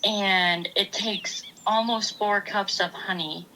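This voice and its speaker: A woman's voice: medium pitch, steady tone, takes it slowly, sharp tone, low-quality recording. A woman co-hosting a casual podcast chat, explaining things step by step in a chatty way. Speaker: podcast co-host.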